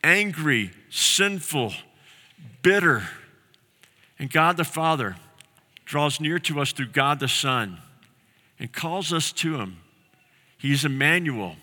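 A man preaching a sermon as pastor, telling a story earnestly and slowing down on key phrases. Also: a little high, animated, bright, forceful tone, in a large hall.

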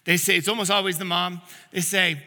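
A male pastor with a fairly high, very bright and forceful voice delivers a conversational sermon. He tells stories earnestly, often restarting his sentences. His voice rings with the long reverb of a church sanctuary. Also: level tone, brisk. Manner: earnest storytelling with frequent restarts.

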